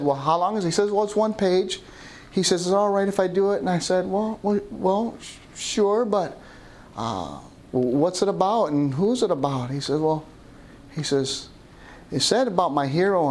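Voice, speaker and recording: A man's voice: fairly high pitch, lively intonation, normal speed, darkish tone, slight background noise. A middle-aged man preaching a sermon as pastor, often calling out "Amen?" to the congregation. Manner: call-and-response preaching, asking "Amen?".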